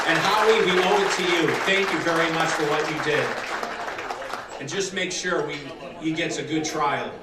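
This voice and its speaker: A man from Massachusetts giving a rousing campaign speech at a dinner, building to loud applause lines. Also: on the high side, normal speed. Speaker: political candidate giving a speech. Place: large dinner hall with an audience. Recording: echoey banquet hall, distant mic, crowd noise.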